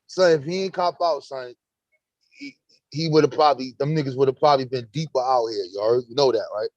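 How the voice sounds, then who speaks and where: A man hosting a live stream, talking in animated, profane street slang and acting out courtroom exchanges. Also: medium pitch, fairly quick, no room sound, lo-fi sound. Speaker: host. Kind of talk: casual live-stream chat.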